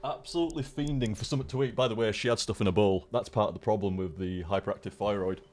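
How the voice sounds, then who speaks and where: Streamer type: man, low voice, rambling casual chat full of restarts and swearing, faint music underneath. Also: fast talker, a little mellow.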